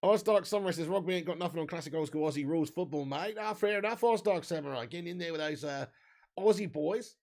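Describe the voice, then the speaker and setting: During a live football watch-along, the young host talks fast in a fairly high pitch. He trades banter with the chat, swears freely, and shouts out on big chances.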